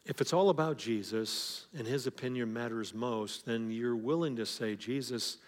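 Speaking at normal speed in a medium pitch, a pastor gives a conversational sermon, repeating words as he launches into phrases. The setting is a church sanctuary, heard with long hall reverb.

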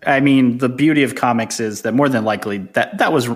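Mid-pitched guy on a podcast, explains stuff fast, chuckles a lot. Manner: explanatory, brisk, chuckles often. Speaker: podcast co-host. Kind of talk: casual chat.

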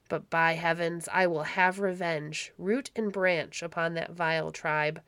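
A woman voicing a rough, vengeful baron. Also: fairly low pitch, dry recording. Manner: rough, vehement speech. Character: wounded, vengeful medieval male baron, rough and proud.

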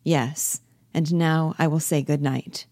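A woman reading the part of a sober, firm woman friend, quiet and plain-spoken, in a low, dry voice. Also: fairly even intonation, takes it slowly, dry recording. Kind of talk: reading a play aloud.

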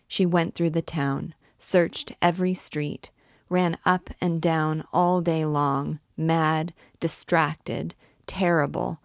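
A woman reading a classic novel aloud in measured, dramatic storytelling. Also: low voice, vocal fry, no room sound, studio quality. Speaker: book reader and guide. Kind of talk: scripted narration of a novel.

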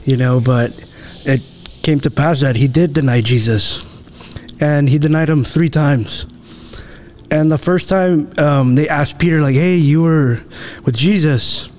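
A man's voice: a little high, measured pace, long pauses, darkish tone. A man co-hosting a casual faith discussion, retelling a Bible story and acting out the quoted lines, with frequent "you know".

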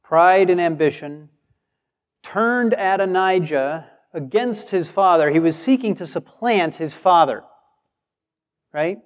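Man, preacher, sermon, slow and deliberate, fairly high voice, long hall reverb. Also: animated. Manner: emphatic, acts out quoted replies.

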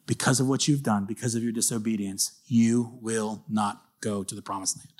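Seorang pria memerankan suara Tuhan yang rendah, pelan dan khidmat, tegas dan tak bisa dibantah dalam cerita khotbah. Nadanya jauh di bawah suara biasanya. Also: male voice, moderate pace, close to an everyday voice. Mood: grave. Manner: low and hushed. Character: stern male God, solemn and final.

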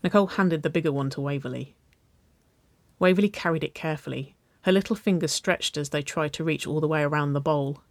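A woman's voice: low voice, fairly quick, no room sound. Woman reading a story, dry close sound. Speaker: narrator. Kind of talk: storybook narration reading aloud.

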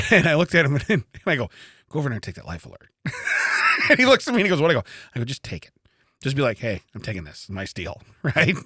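A man's voice: a little high, big pitch swings, fairly quick, sharp tone, no echo, clean studio sound. A man co-hosting a podcast, telling a story in casual chat, acting out quotes and laughing often. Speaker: podcast co-host. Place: podcast studio.

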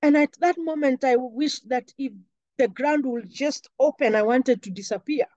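A woman's voice: sits high, moderate pace, a little mellow, no room sound, highs cut off. A young woman earnestly recounting a painful personal memory in an interview. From Kenya. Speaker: interview guest. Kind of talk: personal storytelling.

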